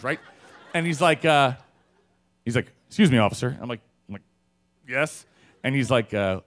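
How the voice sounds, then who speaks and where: A man telling a personal story on stage to a live audience, animated and conversational, with plenty of fillers and swearing. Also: medium pitch.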